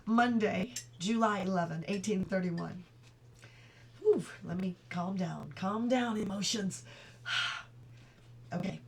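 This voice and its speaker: A middle-aged woman reading a novel aloud at home, steady and clear, now and then stopping for chatty asides. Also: medium pitch, slight background noise. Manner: reads steadily, breaks off for chatty asides and laughter. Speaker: audiobook reader.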